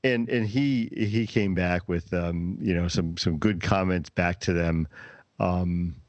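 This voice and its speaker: Deep voiced podcast host, rambly, lots of um and restarts, dry mic. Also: male voice, steady tone, dry recording, muffled recording. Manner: rambling, halting, many restarts. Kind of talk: casual chat.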